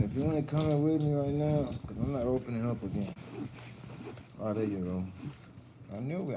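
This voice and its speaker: A man's voice: mid-range voice, moderate pace, pauses often, background noise. A young man with a slight Southern US accent, hosting a casual livestream chat in loose, rambling street slang. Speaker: livestream host.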